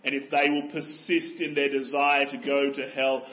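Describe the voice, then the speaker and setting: Earnest preaching pastor, dull recording. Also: male voice, medium pitch, little pitch movement, moderate pace, hardly any pauses, slight background noise. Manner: earnest, exhorting, rhetorical questions. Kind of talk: sermon.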